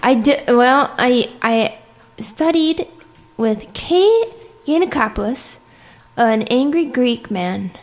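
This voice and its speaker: A woman with a high, bright-pitched voice tells stories as a podcast guest. She mocks herself in an animated way and laughs often, with plenty of fillers and restarts. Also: slow pace. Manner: animated, self-mocking storytelling. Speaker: comedian guest. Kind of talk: anecdotal interview chat.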